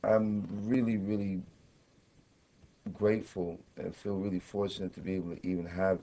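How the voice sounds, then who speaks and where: A man in his thirties, a guest on a radio interview, talking in a reflective, halting way with many fillers. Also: low-pitched, flat delivery, dark tone, poor audio. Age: 30s. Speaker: guest musician. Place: radio studio.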